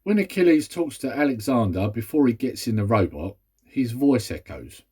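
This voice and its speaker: A man's voice: mid-range voice, sing-song, normal speed, darkish tone, slightly rough. A British man talking casually about a film he reviews, rambling with exasperated asides. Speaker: movie review vlogger. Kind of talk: casual chat.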